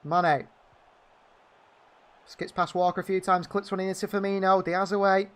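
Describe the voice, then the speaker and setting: Guy doing fan commentary on a footy match, highish bright voice, gets indignant at the ref. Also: little pitch movement, unhurried, clear, resonant tone. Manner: partisan, indignant outbursts at the referee.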